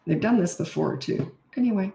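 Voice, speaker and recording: A middle-aged woman coaching parents in a casual Q&A, blunt and matter-of-fact, now and then acting out short quotes in a higher voice. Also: expressive, fairly quick, vocal fry, dark tone. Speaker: parenting coach answering viewer questions. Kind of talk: casual live Q&A. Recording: roomy echo.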